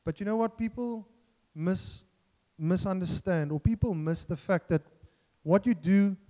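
A man's voice: high voice, unhurried, mellow. Earnest preacher man in a reverberant hall. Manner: earnest, self-deprecating, with restarts and jokes. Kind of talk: sermon.

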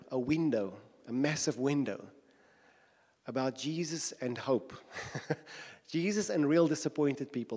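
A man's voice: medium pitch, darkish tone, big-room sound. A man preaching a sermon in an earnest tone, repeating his phrases and building with rhetorical questions.

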